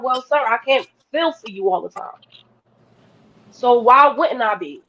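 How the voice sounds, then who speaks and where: A woman's voice: high voice, normal speed, fairly bright tone. A woman on a podcast panel, talking bluntly and emphatically in casual discussion. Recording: dull lo-fi podcast audio.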